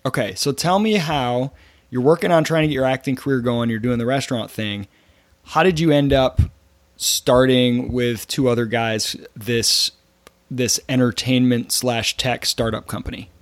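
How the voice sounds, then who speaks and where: A man's voice: mid-range voice, moderate pace, dry recording. A man hosting a casual interview, recapping the guest's story and prompting him with questions. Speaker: podcast host.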